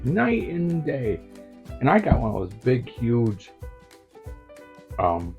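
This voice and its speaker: A man's voice: medium pitch, vocal fry, a little mellow. A middle-aged man telling rambling stories in a casual vlog, chuckling often as he talks. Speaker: vlogger.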